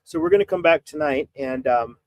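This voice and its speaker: A man's voice: a little high, fairly quick. A man in his forties, a priest talking on a live stream, exasperated and preachy as he urges his viewers. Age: 40s. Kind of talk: impassioned live-stream talk.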